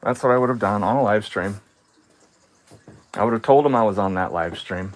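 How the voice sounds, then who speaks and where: A man talking on his live stream in a casual rant, sarcastic and mocking, often laughing, swinging between calm and heated. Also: fairly low pitch, normal speed. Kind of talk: casual ranting monologue.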